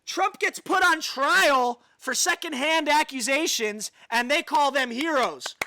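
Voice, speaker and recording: Male livestream host, high and lively voice, sarcastic commentary, dry sound. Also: a little slow, few pauses, no room sound. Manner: sarcastic, exasperated, sighs. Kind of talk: ranting live commentary, reading an article aloud.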